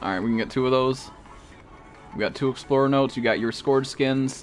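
A mid-range voice at a quick pace belongs to a gameplay streamer playing a survival game with a teammate. His live commentary is excitable and full of constant swearing and startled outbursts at monsters, with faint music underneath.

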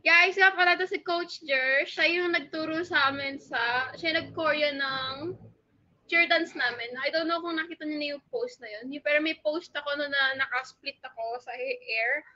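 A woman's voice: high voice, normal speed, bright, forceful tone, highs cut off. A young woman with a Filipino accent chatting casually on a livestream, bubbly and switching between English and Tagalog. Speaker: idol livestreamer.

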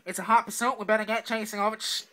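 A man's voice: high-pitched, little pitch movement, very fast, bright, forceful tone. A man giving brash, swearing commentary over his own gameplay, talking to himself and taunting other players. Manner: brash, swearing trash talk. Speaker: gamer.

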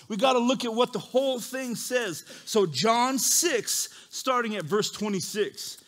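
A male pastor preaching a sermon and reading scripture aloud, shifting from quiet reading to loud, animated emphasis. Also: high voice. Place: church service.

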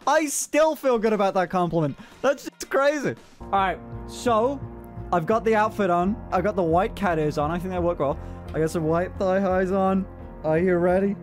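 A man's voice: high voice, moderate pace, soft background music. A man streaming live, chatting casually and rambling with heavy swearing. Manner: swears constantly, rambling and animated. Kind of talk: casual livestream chat.

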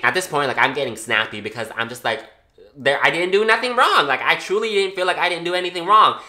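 Animated, blunt young man vlogging. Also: on the high side, quick pace. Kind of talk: casual storytime vlog.

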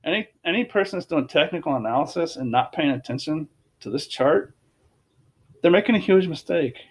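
A man's voice: a little high, lively intonation, fairly quick, breathy edge. Emphatic man talking crypto charts. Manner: emphatic, repetitive, restarts phrases. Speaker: crypto commentator. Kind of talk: casual chart commentary.

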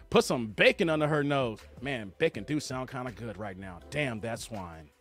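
A man's voice: medium pitch, lively intonation, a little slow, fairly bright tone, soft background music. A man hosting a live stream, laughing and teasing as he reads the chat aloud. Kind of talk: casual live stream commentary.

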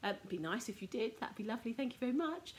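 A middle-aged UK woman, a card making teacher and host, runs a casual live craft demo with a slightly high, expressive, fast voice. She's chatty, says um a lot, and laughs at herself.

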